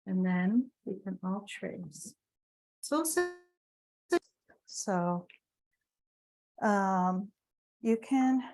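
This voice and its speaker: Slow, patient woman guiding a class. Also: mid-range voice, darkish tone, rough recording. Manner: slow, patient, step-by-step instructions. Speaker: wellness instructor. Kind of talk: guided calligraphy tracing and affirmations. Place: wellness center session. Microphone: unplugged microphone, then plugged back in.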